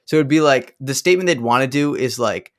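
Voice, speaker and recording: A man's voice: mid-range voice, fairly quick. A young man co-hosting a podcast, talking in a laid-back, casual way with lots of "dude" and "like.". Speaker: podcast co-host. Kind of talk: casual chat.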